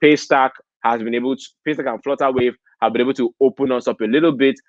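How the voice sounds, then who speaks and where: A Nigerian man gives a preachy motivational talk at a convention, punctuating his points by repeatedly asking "okay?". He talks fast at a medium pitch with fairly even intonation, and the lo-fi recording sounds dull, with no echo.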